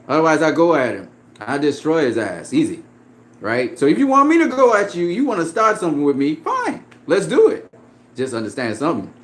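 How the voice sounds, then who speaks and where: A man in a profane, confrontational casual rant about boxing, laughing often as he talks back at a critic. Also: mid-range voice. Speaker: boxing commentator.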